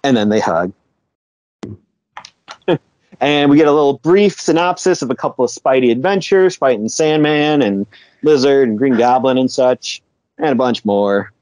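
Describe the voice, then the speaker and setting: A man's voice: medium pitch, lively intonation, normal speed, pauses often, a little mellow. A man co-hosting a podcast, retelling a comic book story in loose, casual chat, chuckling often and swearing now and then. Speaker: podcast co-host.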